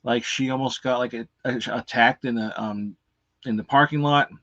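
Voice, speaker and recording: A man's voice: mid-range voice, fairly even intonation, normal speed, fairly bright tone, no room sound, muffled recording. A man hosting a casual live unboxing, rambling and cursing freely with lots of fillers. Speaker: movie reviewer and unboxing host.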